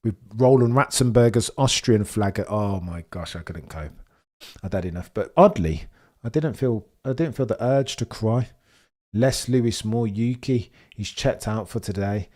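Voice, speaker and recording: A young man giving a live watch-along commentary of a race, theatrical and wordy, swinging between grumbling and excited outbursts. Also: lowish voice, unhurried.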